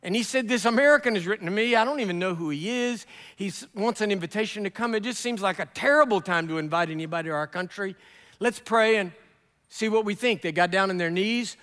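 A man's voice: high-pitched, fast, fairly bright tone, in a large hall. A man preaching a sermon, telling a story and acting out the dialogue.

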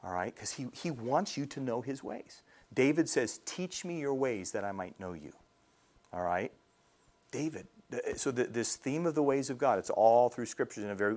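A middle-aged male pastor preaching a sermon in a conversational way, often checking in with the congregation. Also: fairly low pitch. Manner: conversational preaching with frequent "all right?" check-ins.

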